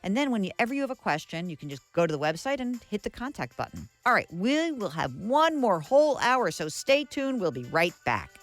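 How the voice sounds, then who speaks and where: A woman's voice: medium pitch, sing-song, a little fast, hardly any pauses, faint music behind. A woman hosting a radio interview in a studio, chatty and enthusiastic, with frequent fillers. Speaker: radio show host. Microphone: studio microphone.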